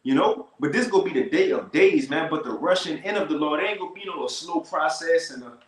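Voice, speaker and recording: A man teaching scripture in a casual, slangy way, slowing down to read verses with emphasis. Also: fairly high pitch, lively intonation, reverberant, rough recording. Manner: slow, emphatic scripture reading.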